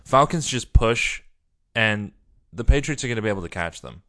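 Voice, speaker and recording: A young man co-hosting a casual chat, joking, opinionated and quick to tease. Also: lowish voice, animated, a bit bright, clear, resonant tone. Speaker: podcast co-host.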